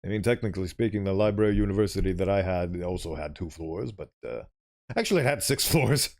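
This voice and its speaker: A man's voice: sits low, fast talker. A young man streaming, reading a visual novel aloud and rambling through commentary with chuckling, self-interrupting asides.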